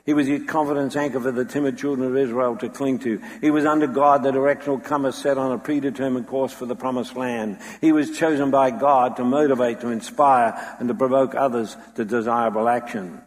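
A man's voice: mid-range voice, steady tone, brisk, hardly any pauses. A man preaching a sermon with dramatic storytelling, acting out the voices he quotes. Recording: long hall reverb.

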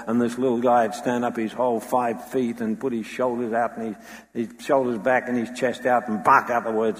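A man's voice: mid-range voice, fairly even intonation, a little fast. A man preaching a sermon with dramatic storytelling, acting out the voices he quotes. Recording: long hall reverb.

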